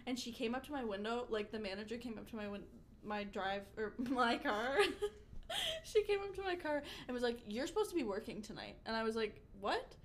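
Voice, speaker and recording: A young woman co-hosts a casual podcast, telling stories about old jobs in a slightly high voice. She tells them with animation and keeps breaking into laughter at the punchlines. A faint ambient hum sits under her voice. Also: brisk. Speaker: podcast co-host. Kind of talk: casual chat, storytelling.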